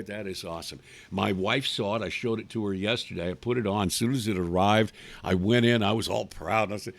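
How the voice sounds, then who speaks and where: Broadcasting a livestream talk show from his living room, a man delivers a casual, rambling monologue that is blunt, crude and full of restarts. His gravelly voice is on the low side and fairly quick.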